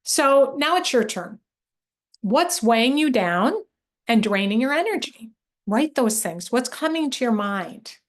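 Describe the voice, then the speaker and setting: A middle-aged woman leading a workshop for moms, speaking in an earnest, encouraging way and putting questions straight to her listeners. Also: on the high side. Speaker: workshop leader and coach for moms. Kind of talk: live online workshop talk.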